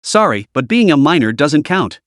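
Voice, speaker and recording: A man playing a sly middle-aged official who speaks calmly with a faint mocking edge. The voice is fairly high for a man and recorded dry and close. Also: moderate pace, no room sound. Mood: amused.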